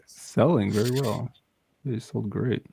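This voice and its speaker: A man co-hosting a casual podcast, reading comic book dialogue aloud in a loud, theatrical way between chatty remarks. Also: lowish voice, measured pace, vocal fry, husky. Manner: loud and theatrical when reading speech bubbles.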